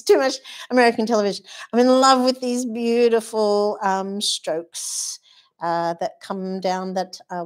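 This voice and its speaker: A woman runs a live watercolour lesson in a mid-pitched voice. She talks her choices through out loud as she works and gushes over her colours and brushes. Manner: chatty, thinks aloud while painting, gushing. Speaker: watercolour art teacher. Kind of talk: live painting demonstration.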